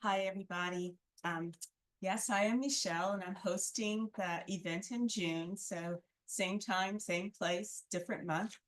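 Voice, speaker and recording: A woman telling the audience about the event she will host, casual and a little hesitant. She speaks at a slow pace with a middling pitch. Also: fairly even intonation. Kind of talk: announcement.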